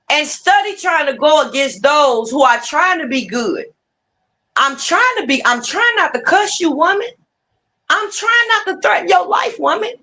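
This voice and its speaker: Animated, profane woman ranting on stream. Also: on the high side. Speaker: streamer host. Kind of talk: profane ranting livestream talk.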